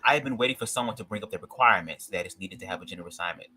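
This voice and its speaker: A man's voice: low-pitched, very fast, pushed and bright, faint music behind, rough recording. A man from Detroit with a Detroit accent, giving opinionated commentary in a sassy, emphatic way and swearing freely. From Detroit, USA. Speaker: commentary vlogger.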